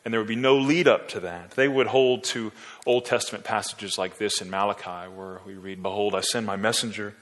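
A man preaching a sermon, explaining scripture verse by verse and building to forceful emphasis. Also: lowish voice, fairly even intonation, fairly quick. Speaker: pastor. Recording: long hall reverb.

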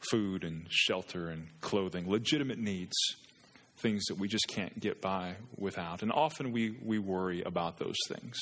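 A man's voice: deep voice, normal speed, fairly bright tone. A man in his thirties preaching a sermon as a pastor, earnest and building to impassioned pleading. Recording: long reverb of a large hall.

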